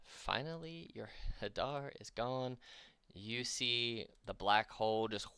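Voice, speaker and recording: Game master man with a bright voice. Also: mid-range voice, expressive, takes it slowly, clear, resonant tone, no room sound. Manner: casual, with fillers and laughs. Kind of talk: narrating a tabletop game.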